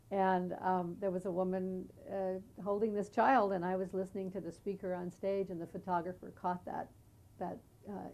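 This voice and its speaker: A woman's voice: mid-range voice, vocal fry, darkish tone, lo-fi sound. A middle-aged American woman, a guest on a studio talk show, speaking earnestly and reflectively about activism. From United States. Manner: earnest, reflective, with small restarts. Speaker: guest, singer and peace activist. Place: community TV studio.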